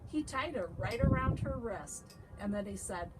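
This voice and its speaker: A woman's voice: on the high side, expressive, moderate pace, low-quality recording. A woman teacher reading a storybook aloud to children and asking them questions about it. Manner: asks young listeners questions. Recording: loud background noise.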